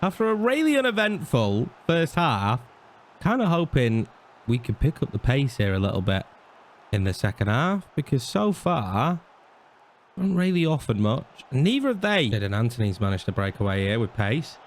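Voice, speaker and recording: A young man commentating his own football video game career mode, reacting loudly to saves and misses. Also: mid-range voice, normal speed, a little hiss or hum. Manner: excitable, swings between groans and shouts at the play. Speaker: gaming YouTuber.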